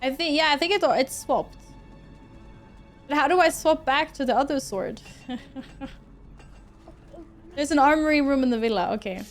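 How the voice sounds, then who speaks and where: A young woman from Sweden streams a game into a desk mic, talking in a bubbly, giggly way to her viewers. Her voice sits high, and faint music plays behind her. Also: normal speed, long pauses. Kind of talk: casual gameplay streaming.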